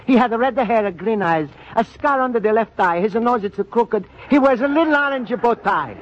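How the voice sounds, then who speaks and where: A man's voice: extremely high pitch, lively intonation, normal speed. An actor playing a naive, earnest Italian immigrant man with an Italian accent, speaking polite, broken English in 1940s radio acting. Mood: earnest, worried. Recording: dull lo-fi old radio recording with hiss.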